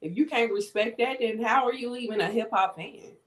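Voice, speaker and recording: A woman's voice: a little high, a little fast. A woman co-hosting a podcast, giving emphatic, profane commentary in a casual chat. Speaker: podcast co-host.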